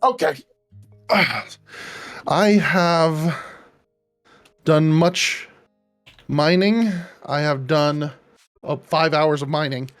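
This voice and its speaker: A man jokes with friends over voice chat and laughs easily. He speaks at a slow, unhurried pace. Faint music sits behind him. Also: a little high. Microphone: voice chat mic.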